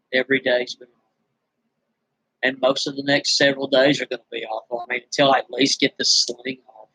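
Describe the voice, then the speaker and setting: A man vents to his camera in a weary, bitter ramble, his throat dry from screaming. His delivery is flat and monotone, stumbling through restarts. The recording is dry and close, with no room sound. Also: mid-range voice, breathy edge, dry recording, low-quality recording. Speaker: vlogger. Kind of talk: venting straight to camera.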